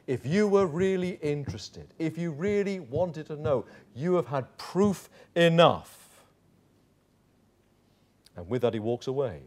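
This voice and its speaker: A male pastor preaching an evening sermon in a chapel, swinging from loud declarations to hushed asides. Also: medium pitch. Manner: animated preacher, drops to hushed tones for quoted voices.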